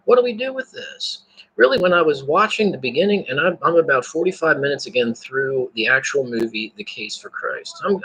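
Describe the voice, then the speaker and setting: A man speaks straight to his viewers in a loose, rambling monologue, doubling back and restarting his sentences as he goes. His voice is slightly high for a man, with a bright, forceful edge and a husky grain. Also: rough recording. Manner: rambling, repeats words and restarts, laughs to himself. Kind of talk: casual spoken monologue.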